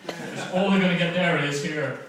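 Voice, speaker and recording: Northern Irish comic in a noisy club. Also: male voice, fairly high pitch, normal speed. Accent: softened Northern Irish. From Northern Ireland. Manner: chatty, self-mocking, bantering with the crowd. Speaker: stand-up comedian. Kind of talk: stand-up comedy set. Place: comedy club, live room. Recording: echoey club from far off, noisy.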